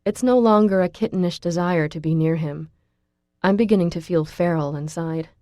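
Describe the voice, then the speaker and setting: A woman reads a first-person audiobook in an intimate, expressive way. Her voice is fairly low and mellow, recorded close and dry. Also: moderate pace, no room sound. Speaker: audiobook narrator.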